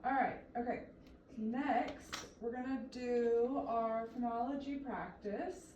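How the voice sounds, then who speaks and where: A woman with a slightly high but darkish voice tutors a child one-on-one in reading, speaking slowly in a steady tone. She's patient and encouraging, coaxing answers out of him. The echoey room is recorded from a distance with slight background noise.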